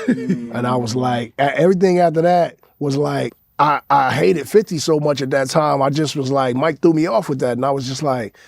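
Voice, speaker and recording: A man's voice: medium pitch, normal speed, creaky, darkish tone. A man casually telling a story in a nonchalant, conversational way. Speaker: interviewee. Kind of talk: casual anecdote.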